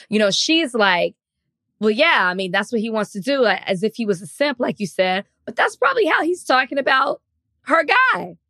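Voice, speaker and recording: A woman's voice: mid-range voice, sharp tone, no room sound. A woman co-hosting a podcast, giving her opinion in a casual, conversational way. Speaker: podcast co-host. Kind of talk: casual chat.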